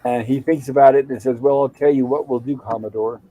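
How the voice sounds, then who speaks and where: A man's voice: mid-range voice, fairly even intonation, a little fast, warm tone, dry recording, poor audio. A man hosting a casual show, retelling an old TV episode and reading out its lines in a loose, chatty way. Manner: reads out quoted lines in a loose, chatty recap. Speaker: show host.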